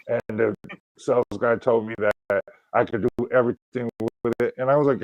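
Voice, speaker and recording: A man's voice: mid-range voice, fairly quick, no echo, muffled recording. A man co-hosting a livestream, telling rambling stories in casual chat. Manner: rambling storyteller, many restarts. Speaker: livestream co-host.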